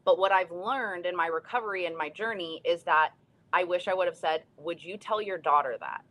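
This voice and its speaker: A woman's voice: lowish voice, a little fast, fairly bright tone. A young woman co-hosting a casual talk show, speaking in an earnest, reflective way. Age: young adult. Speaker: co-host, stroke survivor. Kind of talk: casual chat.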